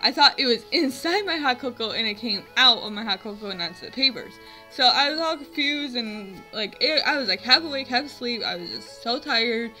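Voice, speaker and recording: A woman's voice: a little high, expressive, brisk, sharp tone, faint music behind, rough recording. A young woman in her twenties from the US, rambling through a funny personal story to her vlog viewers, filler words throughout. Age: 20s. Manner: rambling, self-mocking, lots of "like" fillers. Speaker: vlogger. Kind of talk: casual storytelling to camera.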